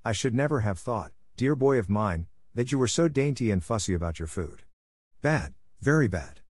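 A man voicing a kind, poor old woodcarver father who lectures gently and fondly. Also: medium pitch, animated, moderate pace, no echo, clean studio sound, natural voice. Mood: gently scolding.

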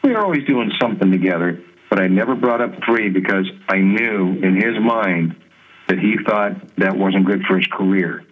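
A man being interviewed as a guest musician, telling stories in a lively conversational way, acting out other people's lines and laughing often. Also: deep voice, normal speed. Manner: animated storyteller who mimics others' voices and laughs often. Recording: tinny phone-like line.

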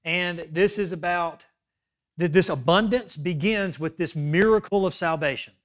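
A male pastor preaching a sermon, emphatic, dropping to hushed asides and rising to loud appeals, often checking in with "okay?". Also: high voice, unhurried.

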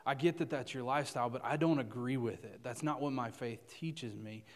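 A man's voice: medium pitch, a little fast, in a large hall, lightly acted. A man voicing an upset Southern teenage Christian girl, pleading and saying "y'all".

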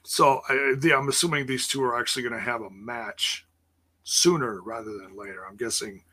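A man's voice: medium pitch, steady tone, normal speed, sharp tone, husky. A man casually recapping wrestling for a live chat, rambling with ums and sarcastic asides. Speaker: wrestling show recap host.

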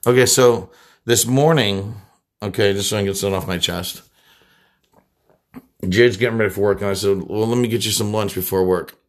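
A young man co-hosting a casual podcast, cracking deadpan jokes and telling rambling stories. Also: lowish voice, brisk, pauses often. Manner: joking, deadpan absurd asides. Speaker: podcast guest co-host. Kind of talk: casual chat.

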